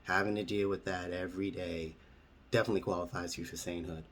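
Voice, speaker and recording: Space aliens speak earnestly and matter-of-factly , as a man puts them on in a comic story. The voice is low and only lightly changed from his own. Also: fairly even intonation, quick pace, a bit bright, slight background noise.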